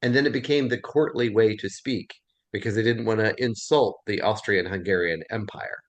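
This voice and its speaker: A man's voice: lowish voice, moderate pace. A man leading a Bible class, telling a story in a chatty way and encouraging his students. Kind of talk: casual class discussion.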